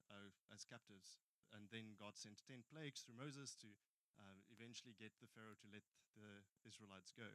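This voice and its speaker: Male pastor, South African accent, earnest storytelling sermon, mid pitch, dry close sound. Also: a bit bright, no room sound. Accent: South African English. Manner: storytelling preacher, earnest, with frequent restarts. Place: church.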